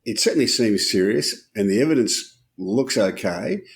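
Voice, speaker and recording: Gravelly low man, measured. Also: lively intonation. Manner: measured, cautious. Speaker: podcast co-host. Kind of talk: casual political chat.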